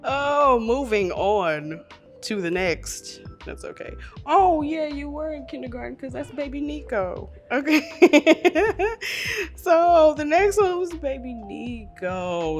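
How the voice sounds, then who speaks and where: A middle-aged woman chatting casually on her vlog, animated and self-mocking, laughing often. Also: on the low side. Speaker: vlogger. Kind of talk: casual chat reviewing old photos.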